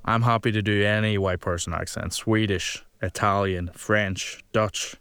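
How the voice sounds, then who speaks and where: A man's voice: lowish voice, steady tone, measured pace, a bit bright, clear, resonant tone, dry recording. A man commenting on his own stand-up set, talking in a reflective, dry way.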